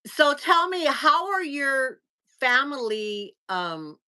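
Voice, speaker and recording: Middle-aged lady hosting a live stream, chatty, high bright voice, reads out the comments. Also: big pitch swings, slow pace. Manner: chatty, reads viewer comments aloud, many restarts. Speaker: livestream host. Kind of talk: casual live chat.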